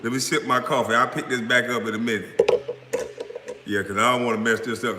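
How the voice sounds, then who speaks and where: A man's voice: medium pitch, fairly even intonation, brisk, reverberant, in a large hall, very noisy. A man hosting a live stream, delivering a profane, confrontational rant. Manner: profane, confrontational, trash-talking.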